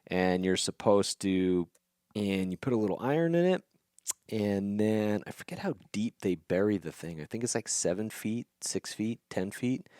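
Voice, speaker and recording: Deep-voiced man retelling a story casually. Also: darkish tone, no echo, studio quality. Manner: loose and chatty, many fillers, swears freely. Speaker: podcast host.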